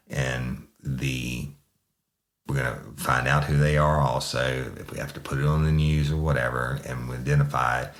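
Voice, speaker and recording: A man's voice: very deep voice, level tone, a little fast, fairly bright tone. A middle-aged man, a former police sergeant, recounting a case in a profane, laid-back way.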